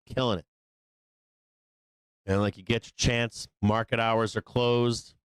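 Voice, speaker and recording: A man in the middle of his own trading show, talking loosely and cursing freely as he hands out advice. His voice is smooth and clear, with an even mid pitch. The sound is dry and close, with no room around it. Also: slow pace, no echo. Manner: profane, joking, acts out little scenes in higher voices. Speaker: stock trading show host. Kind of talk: casual rambling advice to viewers.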